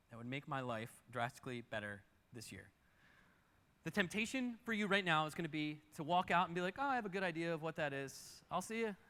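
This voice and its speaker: A man's voice: on the high side, pushed and bright. A man preaching a sermon in a church, emphatic and repeating his key phrases. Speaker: pastor. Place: large church auditorium. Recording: church hall reverb.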